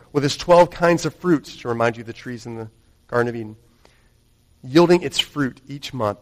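A male pastor preaching a Sunday sermon, rising to stress points and dropping to a hushed tone. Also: medium pitch. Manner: dynamic, swings from raised emphasis to hushed intimacy. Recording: long hall reverb.

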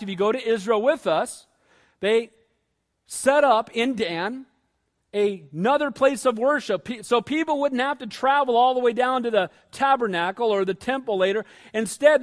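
Casting: male pastor with a strikingly high voice, lively, chatty sermon delivery. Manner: lively, conversational preaching, asks the listeners questions.

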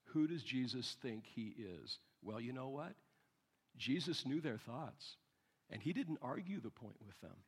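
Gravelly-voiced man preaching a sermon. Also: mid-range voice. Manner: conversational preaching with asides and emphatic repetition. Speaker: pastor.

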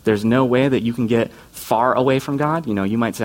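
A man's voice: medium pitch, a little fast, hardly any pauses. Earnest, casual male youth preacher. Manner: earnest and informal, often slips into quoted voices. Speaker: youth pastor. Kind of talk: conversational sermon.

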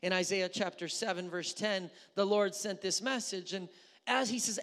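A pastor preaching a sermon, telling the story with animated delivery, acting out the quotes and often repeating words while thinking aloud. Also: mid-range voice, normal speed. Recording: long hall reverb.

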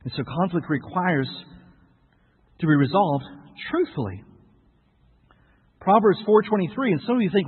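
A slightly high, husky man preaches in a church, jumping between loud outbursts and quiet asides, full of rhetorical questions and playful humor. His voice rings out in a long hall echo on a thin, phone-like recording. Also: sing-song, normal speed, long pauses. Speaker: pastor. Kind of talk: sermon. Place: church sanctuary. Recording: echoey hall on a tinny lo-fi recording.

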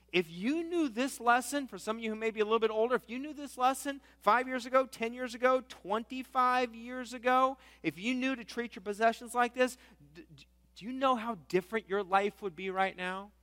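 A man's voice: sits high, sharp tone, big-room sound. A male pastor preaching a conversational sermon, posing questions and voicing his listeners' objections.

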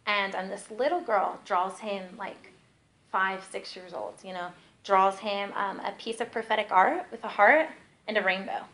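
A woman's voice: mid-range voice, normal speed, rough recording. Chatty young woman telling ministry stories. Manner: chatty, peppered with "like", lively storytelling. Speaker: ministry teacher. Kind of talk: casual teaching talk with stories.

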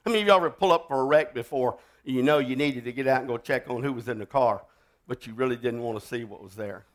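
An older man preaching a sermon, telling a war story with loud outbursts that drop to a hush. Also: medium pitch, fast talker. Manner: dramatic storytelling, swings from loud outbursts to hushed.

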